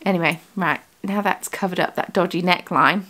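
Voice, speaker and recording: A woman's voice: fairly low pitch, fairly even intonation, normal speed, sharp tone. A British woman, the host of a crafting vlog, chatting casually from her home studio, rambling and correcting herself as she goes. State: has the hiccups. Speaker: yarn dyer and vlogger.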